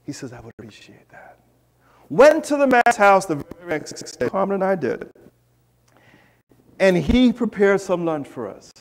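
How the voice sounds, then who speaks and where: Gravelly-voiced man telling a church story. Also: high-pitched, unhurried. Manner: animated, chatty storytelling with asides to the congregation. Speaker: preacher. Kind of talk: storytelling sermon.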